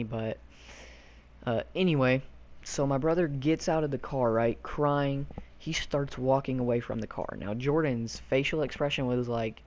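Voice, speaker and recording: A man's voice: mid-range voice, moderate pace. Rambling young man telling a story. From Arkansas. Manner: rambling, full of fillers, loose slang. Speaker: YouTube storyteller. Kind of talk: casual storytelling.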